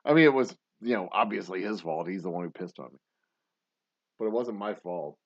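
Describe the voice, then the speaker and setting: A man's voice: low-pitched, expressive, fairly quick, no room sound, muffled recording. A man hosting a livestream, chatting casually in a rambling, joking, profane way and laughing often. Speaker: livestream show host.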